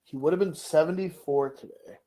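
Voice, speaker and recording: This middle-aged man talks a little fast in a fairly high voice, co-hosting an informal podcast. Questions and stories fill his talk, told with animation and acted-out voices.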